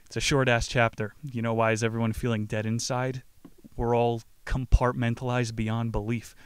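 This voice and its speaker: A laid-back man hosts a book podcast, swearing freely and drifting between reading aloud and loose commentary. His voice sits at an ordinary middle pitch. The mic is close and the sound is dry. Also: little pitch movement, normal speed, clean tone, dry recording. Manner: profane, rambling, laid-back slang. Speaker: podcast host.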